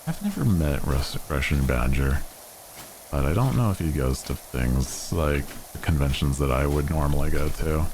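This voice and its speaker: A man's voice: a bass voice, lively intonation, normal speed, noisy background. A young man streaming a game, chatting casually and rambling with fillers and restarts. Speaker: VTuber streamer. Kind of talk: casual gaming stream chat.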